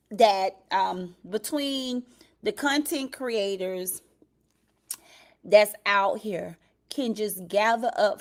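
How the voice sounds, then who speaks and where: A woman hosting a casual livestream commentary show, talking straight to her chat in a drawn-out way. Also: medium pitch. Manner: drawn-out, talks to the chat directly.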